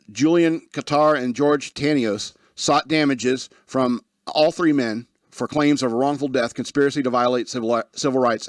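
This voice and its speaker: A man's voice: medium pitch, no room sound, clean studio sound. A man hosting a talk radio show, reading news stories aloud and breaking off into sarcastic asides and complaints. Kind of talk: casual news commentary.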